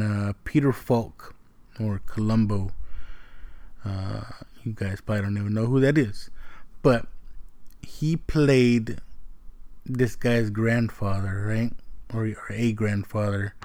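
A man talks through a film in an unhurried, rambling way, often checking in with a tag question and dropping casual swears. His voice sits a little low and sounds dry and close, with no room around it. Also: darkish tone, dry recording. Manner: rambling, keeps asking "right?", swears casually. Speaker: movie reviewer. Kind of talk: casual spoken movie review.

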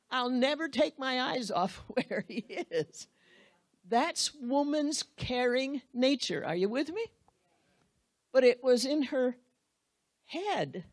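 A woman preaching a sermon, with drawn-out, emphatic phrases and wide swings in pitch and loudness. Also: sing-song.

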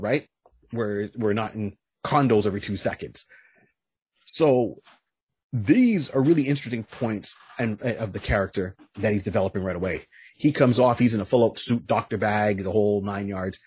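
A man's voice: mid-range voice, husky, no echo. A man hosting a podcast, casually retelling a comic's plot with many restarts and frequent "you know"s. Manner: lively storytelling retelling. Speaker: podcast host.

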